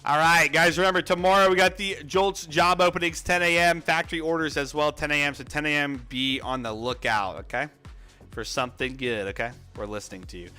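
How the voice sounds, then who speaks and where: A bright-voiced man hosts a trading livestream, rattling off viewer names with bursts of excitement. He sounds winded, as if out of breath. Faint music plays behind him. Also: a little high, clean tone. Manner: energetic, reads viewer names rapidly, excitable outbursts. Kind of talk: casual livestream chat.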